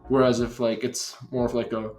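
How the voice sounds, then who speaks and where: An American man hosting a relaxed chat and talking freely, with plenty of "like"s. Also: mid-range voice, brisk, soft background music. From USA. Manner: relaxed, talkative, many "like"s and little impressions. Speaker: host. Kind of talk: casual chat.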